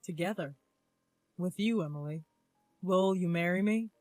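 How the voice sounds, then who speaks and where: A woman's voice: fairly low pitch, a little slow, a little mellow, dry recording, soft background music, lightly acted. A woman voicing a kind, sincere young male doctor who speaks earnestly.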